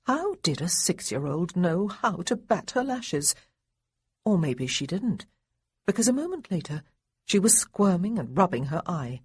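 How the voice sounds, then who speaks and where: Husky woman narrating an audiobook. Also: fairly low pitch, a little slow, dry recording. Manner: expressive, voices the boys lightly. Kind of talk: scripted narration.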